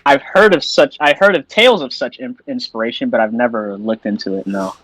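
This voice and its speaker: A man's voice: medium pitch, a little fast, fairly bright tone, no echo, soft background music, poor audio. Easygoing man playing a tabletop game. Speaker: player.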